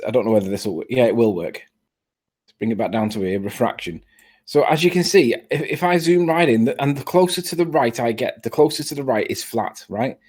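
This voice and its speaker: Man on a call, insistent and stammery, mid pitch, casual debate. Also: a little mellow, slightly rough. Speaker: caller on a live stream. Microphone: video call.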